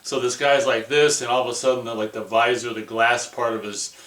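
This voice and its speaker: A man reviewing a movie in a casual, rambling way, excitable and full of "like" and "you know". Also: medium pitch, brisk, roomy sound.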